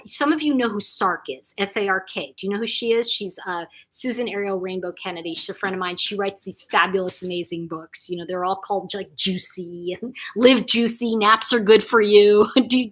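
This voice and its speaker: Older lady on a live stream, bright voice, chatty, laughing at comments. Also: medium pitch. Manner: warm, chatty, reacts to comments, laughs often. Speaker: live chat host. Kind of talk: casual live-stream chat reading viewer comments.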